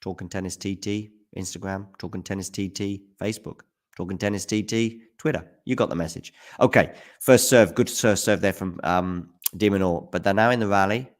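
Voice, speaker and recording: A man's voice: low voice, moderate pace. Chatty man commentating tennis live. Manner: chatty, answers viewers' chat by name, gets loud at big points. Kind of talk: casual live commentary reading chat. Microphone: handheld mic at times.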